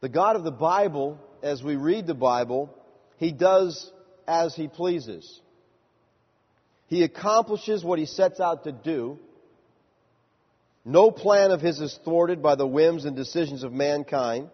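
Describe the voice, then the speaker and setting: A man preaching a sermon, emphatic, climbing higher to stress his points. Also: animated, slow, pauses often, slightly rough. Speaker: pastor. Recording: muffled sound with long hall reverb.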